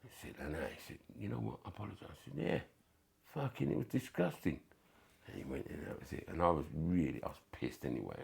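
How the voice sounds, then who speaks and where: A former footballer recounting his playing days in a casual interview, animated and full of swearing, often acting out what others said. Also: very deep voice, creaky, slightly rough. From England. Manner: animated, swearing, acts out quoted voices. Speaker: former footballer, podcast guest.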